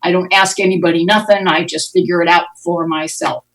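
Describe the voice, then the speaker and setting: Speaking briskly in a low, steady voice, this middle-aged woman from the US tells her story as an Al-Anon speaker. Frank and wry, she has a storyteller's timing and performs quoted voices. It's online conference audio picked up from a distant mic.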